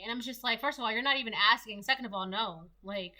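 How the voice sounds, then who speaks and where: A woman's voice: fairly high pitch, fast, bright, forceful tone. A young woman giving a casual solo tarot reading, rambling and chatty with lots of fillers. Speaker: tarot reader.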